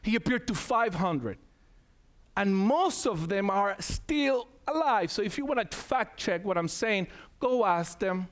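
A man's voice: high voice, animated, unhurried. A man preaching an emphatic sermon, calling out to the congregation and repeating key phrases for weight.

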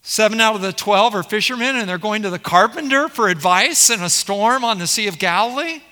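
In a high, ringing voice echoing through a long hall reverb, a preacher moves a little fast with lively intonation. Guiding his congregation through scripture, he asks one question after another, pressing every point with a bright, forceful tone.

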